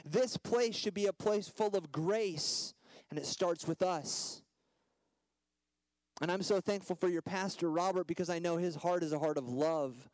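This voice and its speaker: A man's voice: high-pitched, no echo, rough recording. Dynamic preacher, man, dry close sound. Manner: dynamic, swings from loud emphatic lines to soft hushed ones. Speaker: guest preacher. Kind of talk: sermon.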